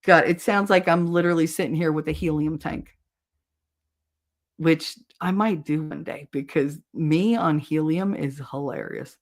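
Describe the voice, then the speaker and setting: A woman's voice: low-pitched, a little slow. A woman co-hosting a livestream, chatting casually and animatedly with viewers. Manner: animated, switches voices and laughs easily. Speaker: livestream co-host.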